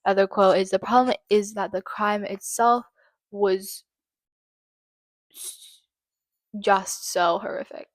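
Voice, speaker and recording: A woman hosting her own channel, reading out trial quotes haltingly and breaking into angry, swearing commentary. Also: mid-range voice, fairly even intonation, dry recording. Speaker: channel host. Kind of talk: true-crime commentary.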